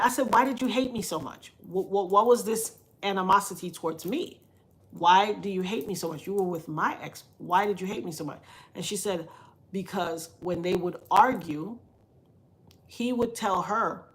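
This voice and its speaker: Woman vlogging a story, chatty and blunt, does all the voices. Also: mid-range voice. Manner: animated, acts out quoted voices; colloquial, frank. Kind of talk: casual storytelling.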